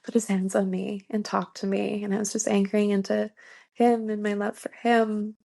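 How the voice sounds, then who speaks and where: A woman's voice: mid-range voice, level tone, moderate pace, gravelly, warm tone. A woman in her thirties telling a personal story in a podcast interview, earnest, with many "like" fillers and frequent laughs. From Canada. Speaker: guest.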